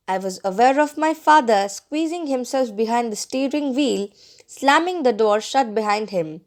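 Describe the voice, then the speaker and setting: Expressive woman reading an audiobook. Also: on the high side, moderate pace. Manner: expressive, acts out dialogue. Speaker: audiobook reader. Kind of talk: audiobook narration.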